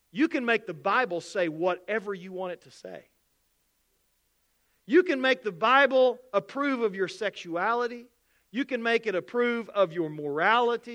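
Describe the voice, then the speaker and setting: Male pastor, high bright voice, lively sermon delivery, plays out other voices. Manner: animated preaching, acts out skeptics' voices.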